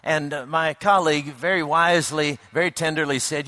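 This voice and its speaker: A man preaching a reflective sermon, unhurried, with frequent hesitant restarts. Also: fairly high pitch, fairly even intonation, sharp tone, no room sound.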